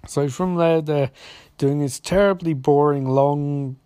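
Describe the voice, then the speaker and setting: A man's voice: a little high, slow pace, mellow, smooth, no room sound. A man giving a casual, rambling recap of a TV episode, sarcastic and profane. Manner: sarcastic, profane, full of restarts and fillers.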